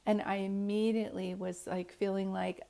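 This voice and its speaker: Flat, gravelly woman telling a story. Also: medium pitch, moderate pace. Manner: earnest, rambling, many restarts. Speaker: psychic medium. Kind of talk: personal storytelling to camera.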